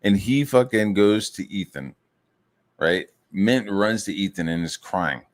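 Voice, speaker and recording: A man with a very low voice rants casually as he works on comic pages. His talk rambles, loaded with profanity and filler words, loose and unscripted. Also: lively intonation, measured pace. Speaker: streamer and comic artist.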